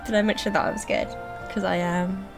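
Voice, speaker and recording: A woman streaming a video game from home on a desk microphone, with a middle-range voice. She reacts excitably and keeps repeating her worries, and at times drops to a soft, hushed tone. Faint game music sits behind her. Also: mid-range voice, moderate pace. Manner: soft, hushed talk late at night. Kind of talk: reactive gameplay commentary.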